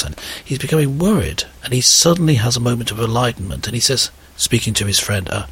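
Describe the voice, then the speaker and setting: A man's voice: fairly low pitch, fast talker, a bit bright, slightly rough, no room sound. A man hosting a talk show, discussing earnestly and posing questions to his co-host.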